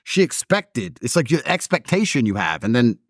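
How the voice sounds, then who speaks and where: Animated blunt man telling stories. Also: medium pitch, moderate pace, no room sound, clean studio sound. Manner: animated storytelling, blunt and combative. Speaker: interview host. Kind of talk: casual conversation.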